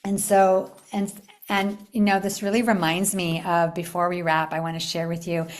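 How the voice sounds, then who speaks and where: Animated woman hosting a spiritual retreat talk. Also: fairly low pitch, normal speed. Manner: animated storytelling with upbeat invitations and soft hushed stretches. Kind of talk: live online talk to a group.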